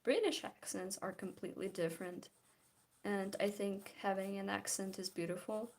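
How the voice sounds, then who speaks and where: A woman's voice: medium pitch, steady tone, normal speed, darkish tone. A woman from Belarus with a Belarusian accent, chatting casually while she draws and answers live chat, often restarting her sentences. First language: Belarusian or Russian. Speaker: vlogger.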